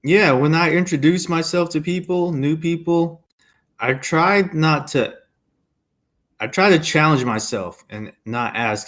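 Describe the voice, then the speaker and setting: A man chatting on a podcast, sharing his view in a thoughtful, measured way. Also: a little high, a bit bright. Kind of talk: casual chat.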